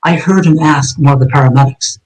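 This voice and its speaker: A man's voice: fairly high pitch, steady tone, fairly quick, darkish tone, poor audio. A middle-aged man from Massachusetts, a retired detective telling his story as a guest in an interview, blunt and intense, swearing often. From Massachusetts, USA. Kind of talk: personal story told in an interview.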